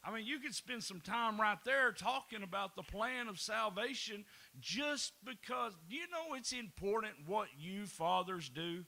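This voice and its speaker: Pastor, man, high bright voice, folksy preaching with chuckles. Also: animated, a little slow, gravelly, hardly any pauses, low-quality recording. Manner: folksy preaching with laughs and repeated words. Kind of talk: sermon.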